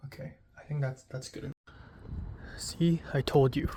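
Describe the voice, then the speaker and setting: A young man talking quietly and rambling to his phone camera, chuckling to himself as he walks an empty street at night. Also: medium pitch, steady tone, a little slow, a little hiss or hum. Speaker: vlogger. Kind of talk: casual self-filmed vlog.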